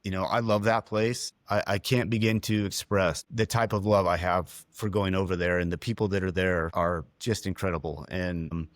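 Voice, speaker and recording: Earnest, emotional man with a lowish voice. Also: fairly even intonation, normal speed, few pauses, dry recording, clean studio sound. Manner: earnest, heartfelt, emotional storytelling with restarts. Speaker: dentist and podcast co-host. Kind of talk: reflective podcast conversation.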